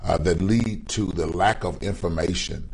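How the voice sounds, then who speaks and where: A man's voice: low voice, moderate pace, vocal fry, darkish tone, a little hiss or hum, low-quality recording. A man hosting an interview, introducing his guest and affirming him often. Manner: affirming, with frequent "mm-hmm" and "right". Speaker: host. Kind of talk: interview host.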